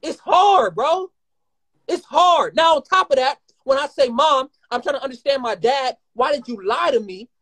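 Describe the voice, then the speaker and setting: A man in his twenties talking heatedly and rapidly as a guest in a live conversation, swearing often and rambling. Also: very high-pitched, animated, a bit bright. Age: 20s. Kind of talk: emotional live-stream conversation.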